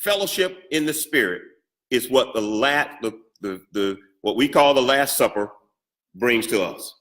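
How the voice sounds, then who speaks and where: Bright-voiced preacher, playful call-and-response. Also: male voice, mid-range voice, animated, a little slow. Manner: call-and-response preaching with humor and rhetorical questions. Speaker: pastor. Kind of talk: sermon.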